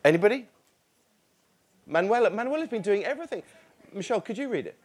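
A man's voice: sits high, lively intonation, fast talker, darkish tone, breathy edge. A man leading a church gathering, talking casually and hesitantly, with many fillers and restarts. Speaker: church service leader.

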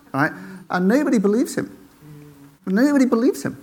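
A man tells a faith story to an audience, animated and acting out the voices of the people in it. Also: high voice, normal speed. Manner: animated, acts out quoted voices, checks in with "right?".

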